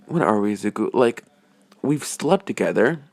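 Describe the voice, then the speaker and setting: A man's voice: on the low side, lively intonation, normal speed, vocal fry, darkish tone, no room sound. A man voicing a flustered, blunt young woman in a fan story reading, stammering as he goes. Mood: teasing.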